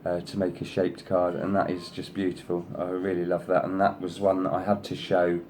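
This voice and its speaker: A darkish, monotone male voice at moderate pace, with a little hiss or hum, belongs to an adult craft-video host whose sister is past thirty. In a casual show-and-tell he rambles effusively about each design sample, full of "you know"s, and coaxes his pet in a higher voice.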